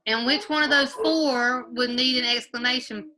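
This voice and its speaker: Bright-voiced woman teaching class online. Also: on the high side, fairly even intonation, normal speed. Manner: patient, quizzes pupils by name, repeats questions. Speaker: fourth-grade teacher. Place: at home. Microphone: video call.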